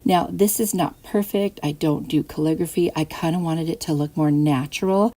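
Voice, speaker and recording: A woman's voice: deep voice, moderate pace. A woman hosting a craft channel, chatting casually through each step of a DIY tutorial voice-over. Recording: soft music behind.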